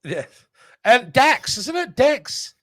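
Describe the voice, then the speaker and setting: A man's voice: very high-pitched, big pitch swings, takes it slowly, bright, forceful tone, no room sound. A man co-hosting a casual film review chat, hesitant and full of restarts. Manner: chatty, hesitant, with many restarts. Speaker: podcast co-host.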